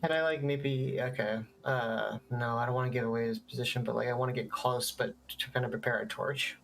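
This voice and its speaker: A man with a mid-range voice talks as a player in a tabletop game. He pauses and restarts as he works out what to do, over a faint background hum. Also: mid-range voice, steady tone, vocal fry, fairly bright tone, low-quality recording. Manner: hesitant, halting phrasing. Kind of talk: casual tabletop game chat.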